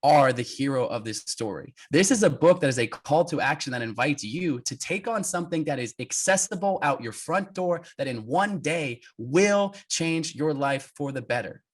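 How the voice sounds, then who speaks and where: A man in his thirties, a guest telling an adventure story in an interview, animated and laughing as he goes. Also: fairly high pitch, normal speed, hardly any pauses. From United States.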